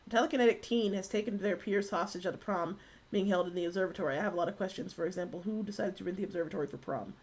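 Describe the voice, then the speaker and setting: A woman's voice: mid-range voice, very fast, breathy edge. Chatty woman streamer. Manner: jokey, chatty, reads game text aloud. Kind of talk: casual gameplay commentary.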